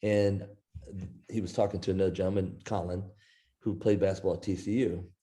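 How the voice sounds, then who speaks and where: Lowish, mellow-voiced storytelling man. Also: fairly quick. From Iowa. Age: middle-aged. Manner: animated anecdote teller, quoting others in his own voice. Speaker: guest author. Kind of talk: storytelling in an interview.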